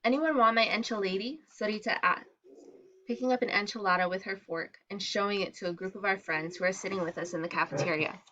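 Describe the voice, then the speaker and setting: Here a woman speaks fast with fairly even intonation as she reads a first-person tale, briefly performing the other girls' lines through changes in pitch and loudness. Her audio is dull and carries a little hiss or hum.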